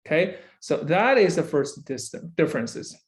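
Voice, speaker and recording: A man's voice: a little high, sing-song, moderate pace. A male university lecturer giving a classroom lecture, repeating key phrases and checking in with "right?" after nearly every line.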